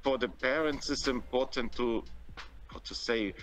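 Guest man, German accent, mid-pitched, earnest and advice-giving, restarts as he thinks, faint music behind. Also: measured pace, a bit bright. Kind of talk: interview conversation.

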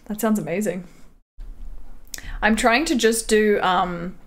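A woman's voice: medium pitch, slow pace. A young Canadian woman streaming a farming game, chatting casually and reading her chat aloud with frequent giggles. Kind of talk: casual live-stream chat while gaming. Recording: clear game music under the voice. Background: game music.

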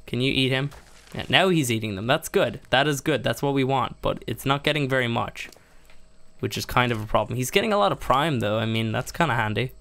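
A man's voice: fairly quick, gravelly, fairly bright tone. A man commentating a survival game playthrough, talking himself through each step and getting exasperated when things go wrong. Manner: exasperated, self-narrating, laughing at mishaps; jumps much higher in pitch when upset. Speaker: gaming YouTuber. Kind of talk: let's play commentary.

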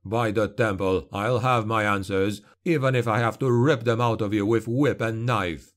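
A man voicing a grim male witch hunter in an audiobook, speaking slowly, low and cold. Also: fairly even intonation, lightly acted. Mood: cold menace. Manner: slow, low, cold snarling delivery. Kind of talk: audiobook character voice.

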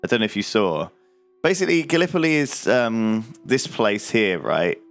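A man's voice: fairly low pitch, expressive, normal speed, soft background music. A man bantering loosely while playing a strategy game with friends, joking and rambling with many fillers. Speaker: let's play gamer. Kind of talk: casual gaming banter.

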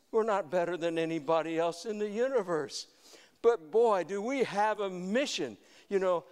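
Male pastor, fairly high voice, earnest sermon delivery with swings from loud to hushed, long hall reverb. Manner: earnest preaching, swings between loud emphatic lines and quiet asides; reads scripture slowly in old-fashioned wording. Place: church sanctuary.

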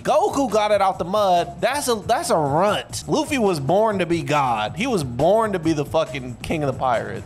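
A high-pitched man streams live, reading and reacting in a casual, excitable way, swearing freely and bursting into sudden shouts.

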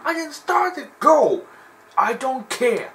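A man doing a shouting, scolding referee. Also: extremely high pitch, big pitch swings, slow pace, slight background noise, voice pushed up, heavily acted. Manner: barking, scolding, emphatic. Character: stern shouting male referee laying down the rules. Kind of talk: comic impression while gaming.

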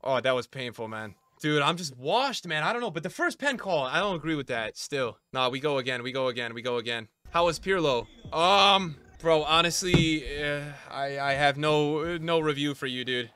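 Excitable young-sounding male gamer streamer. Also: normal speed, hardly any pauses, clear, resonant tone. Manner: swings between shouted outbursts and low muttering; slangy, repeats himself. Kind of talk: live gameplay commentary.

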